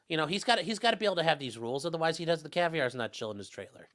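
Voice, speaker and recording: Animated, bright-voiced man talking law. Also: on the high side. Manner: animated, joking, quick restarts. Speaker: lawyer panelist. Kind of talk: casual panel discussion.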